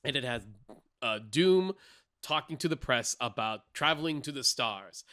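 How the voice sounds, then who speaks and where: A man co-hosting a podcast, talking in casual chat with an emphatic, opinionated drive. His pitch swings widely as he makes his points, and his voice has a bright, sharp edge. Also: animated, a little slow. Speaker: podcast co-host.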